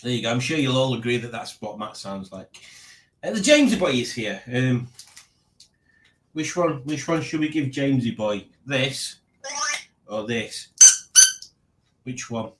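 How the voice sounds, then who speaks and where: A man's voice: mid-range voice, animated, unhurried, long pauses. A man hosting a casual livestream, rambling and reading out viewer comments. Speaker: livestream host.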